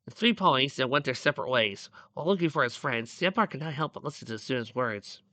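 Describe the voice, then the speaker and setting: Casual fic narrator, animated with cheeky audience asides, bright and dry. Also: medium pitch, fast talker, dry recording. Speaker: fan fiction reader. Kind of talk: casual reading aloud with asides.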